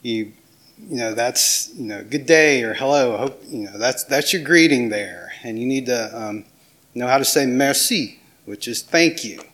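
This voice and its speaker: A man's voice: medium pitch, animated, moderate pace, fairly bright tone. A middle-aged man with a Southern US accent, giving a casual, self-deprecating sermon as a pastor. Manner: casual, self-deprecating, with small laughs and restarts.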